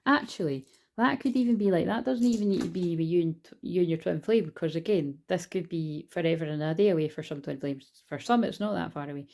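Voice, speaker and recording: A woman's voice: on the low side, fast talker, gravelly, darkish tone. A Scottish woman giving a casual, rambling spiritual card reading, chatty and swearing now and then.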